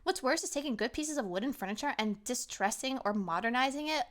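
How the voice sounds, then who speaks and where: A woman's voice: a little high, expressive, fast, a bit bright. A woman from Canada, a streamer ranting sarcastically in a casual chat stream from home.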